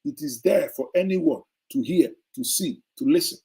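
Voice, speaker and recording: Man, middle-aged, dark voice, heated sarcastic commentary, emphatic repeats. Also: a little high, moderate pace, breathy edge, poor audio. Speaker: commentary host. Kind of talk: opinionated political commentary.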